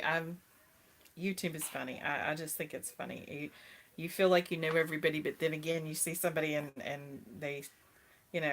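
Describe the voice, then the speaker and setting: Chatty, bright-toned woman host. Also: deep voice. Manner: chatty, laughs often, greets viewers brightly. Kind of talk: casual live-stream chat with viewers.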